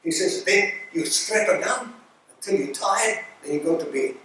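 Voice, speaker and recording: A man's voice: sits high, normal speed, far from the mic, slight background noise. Older man telling stories in an echoey hall. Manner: animated, mimics broken-English speech of the men he quotes. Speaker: club speaker telling stories. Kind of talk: anecdotal storytelling to an audience. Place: club hall.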